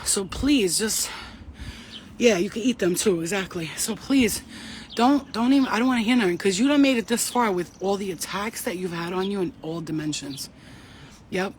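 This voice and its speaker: A woman's voice: on the low side, a little hiss or hum. A woman talking to her viewers in a casual spiritual pep talk, blunt, fired-up and full of profanity and slang, while outdoors walking her dog. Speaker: spiritual reader.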